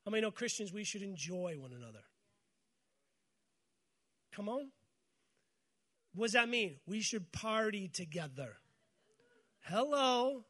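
A man with a high, light voice preaches a morning sermon. He keeps calling on the congregation to repeat his words back to him, and he mixes scripture with joking stories. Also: very animated, a little slow, pauses often, pushed and bright. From United States. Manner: call-and-response with congregation, storytelling with humor. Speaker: pastor.

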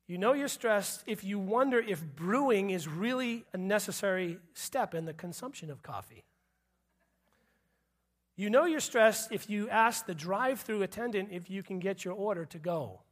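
A man's voice: high voice, lively intonation, normal speed. A man preaching a sermon as pastor, joking with the congregation and repeating punchlines. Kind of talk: sermon with humor.

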